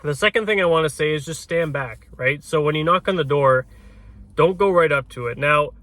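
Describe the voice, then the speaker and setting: A man's voice: a little high, fairly quick, a bit bright, no echo. A man who works as a realtor, coaching in casual talk, often ending points with "right?" and restarting his words. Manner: peppers sentences with tag "right?". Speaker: realtor coaching door knocking.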